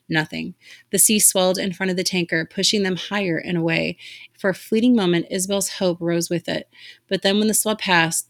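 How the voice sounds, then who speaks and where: A woman reading a novel aloud with dramatic expression, lifting her voice for the characters' shouts. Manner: dramatic reading, raising pitch for shouted lines. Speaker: reader.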